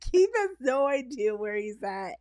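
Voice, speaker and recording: A woman's voice: high voice, dry recording, studio quality. Playful laughing woman podcast co-host. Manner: playful, laughs often, animated storytelling. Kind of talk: casual chat.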